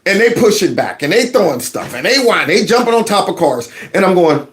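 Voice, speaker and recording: A man's voice: high-pitched, sing-song, fairly quick, hardly any pauses, fairly bright tone. A man hosting his own commentary show, talking in a folksy, emphatic, slangy way and acting out quotes. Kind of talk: casual political commentary.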